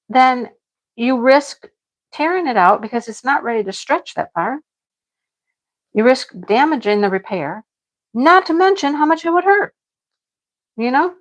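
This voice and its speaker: A middle-aged woman hosting a livestream, chatting casually with viewers and venting frankly, laughing now and then. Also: high voice. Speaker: livestream host. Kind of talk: casual chat with live viewers.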